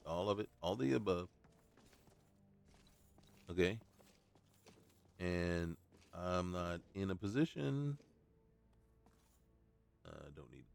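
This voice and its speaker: A man's voice: low voice, expressive, takes it slowly, gravelly, pauses often, a little mellow, faint music behind. A man giving casual let's-play commentary, muttering to himself while looting and breaking into playful outbursts. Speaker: gaming YouTuber.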